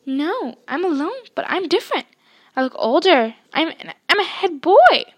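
A woman's voice: high voice, normal speed. Eager young boy, as a woman reader puts him on. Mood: excited. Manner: eager, exclaiming.

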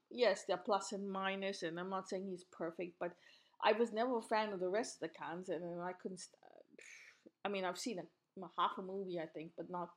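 A woman hosting a podcast, delivering an impassioned, indignant opinion monologue with frequent repeats and restarts. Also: medium pitch. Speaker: podcast host.

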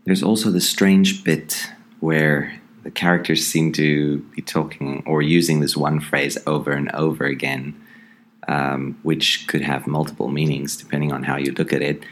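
Very deep-voiced man musing thoughtfully. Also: level tone. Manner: thoughtful and halting, with frequent ums and restarts. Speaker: podcast host. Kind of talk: casual review of a horror comic.

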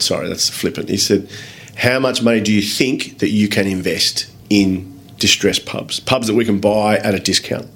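Aussie bloke, lowish voice, yarning away in an interview, says mate a lot and swears, does the other guys' voices. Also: male voice, moderate pace, few pauses. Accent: Australian. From Australia. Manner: lively anecdotes, swears, calls people mate, acts out others' lines. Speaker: guest, business owner. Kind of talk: casual storytelling in a podcast interview.

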